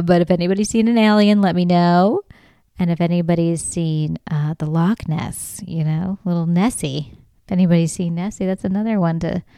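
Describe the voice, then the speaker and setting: A woman's voice: lowish voice, darkish tone, clean tone, no echo, studio quality. A middle-aged woman hosting a comedy podcast, telling a story in a casual way and laughing often as she talks. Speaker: podcast host.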